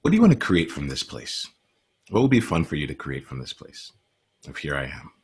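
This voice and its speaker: A man's voice: rumbling low, huge pitch swings, a little fast, breathy edge. A man coaching live, asking curious, probing questions with many fillers and restarts. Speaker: life coach.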